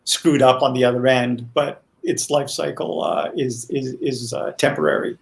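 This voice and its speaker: A man, the creator of a TV series, explaining his choices as a guest in a casual online chat, speaking thoughtfully and haltingly. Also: mid-range voice, fairly even intonation, gravelly. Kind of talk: casual video-chat commentary.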